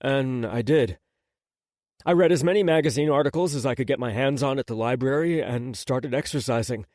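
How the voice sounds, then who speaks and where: A man reading the part of a gentle, hesitant adult man in an audiobook, softly and without fuss. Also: mid-range voice, moderate pace, no room sound, clean studio sound, close to an everyday voice. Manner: soft and hesitant.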